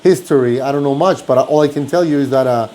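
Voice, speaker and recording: A middle-aged chef from Mexico with a Mexican Spanish accent, telling stories in casual chat and acting out other people's lines. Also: male voice, mid-range voice, fast talker. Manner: animated, acts out quoted voices. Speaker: chef and podcast co-host.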